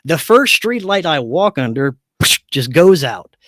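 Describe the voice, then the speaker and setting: Male podcast guest telling a personal story, animated, voices the dialogue, dead dry room. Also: a little high, unhurried, dry recording. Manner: animated, acts out quoted dialogue. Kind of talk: casual storytelling.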